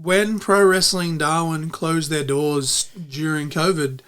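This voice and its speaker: A man's voice: a little high, fairly even intonation, slow, fairly bright tone, clean tone. An Australian man co-hosting a podcast, chatting casually, rambling and repeating himself with casual swearing. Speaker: podcast co-host. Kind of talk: casual chat. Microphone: podcast mic.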